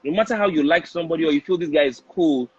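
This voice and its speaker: A man's voice: on the high side, very fast, slightly rough, no room sound, muffled recording. A man with a Nigerian accent talking earnestly as a podcast guest, often repeating words as he presses a point. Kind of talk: candid podcast discussion.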